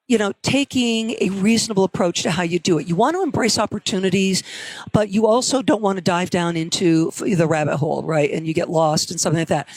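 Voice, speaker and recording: A woman professor telling stories in a conversational interview, lively when quoting others. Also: lowish voice, no room sound, low-quality recording. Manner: storytelling, animated quotes. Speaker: professor and guest.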